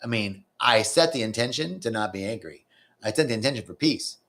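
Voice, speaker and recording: A man's voice: fairly low pitch, expressive, brisk, a bit bright. A man giving a spiritual talk, earnest and conversational, now and then acting out inner voices with a curse. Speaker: spiritual teacher. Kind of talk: live-streamed spiritual talk.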